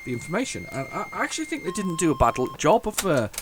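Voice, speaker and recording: A man rambles through casual gameplay commentary, thinking aloud and restarting his sentences. His pitch swings a lot, with excitable bursts. A faint hiss sits under his voice. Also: quick pace. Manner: excitable bursts over the game. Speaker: retro gaming channel host.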